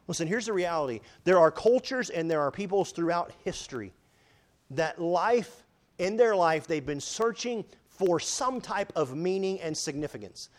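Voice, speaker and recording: A man preaching a sermon, emphatic, often rising and falling in loudness, quoting scripture in old-fashioned wording. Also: high voice, lively intonation, moderate pace. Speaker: pastor.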